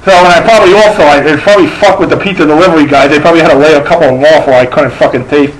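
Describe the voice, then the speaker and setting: Man, middle-aged, lisp, stand-up comedian, profane rambling storytelling, high pitch, faint background noise. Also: racing, rough recording. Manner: profane, rambling, frequent restarts.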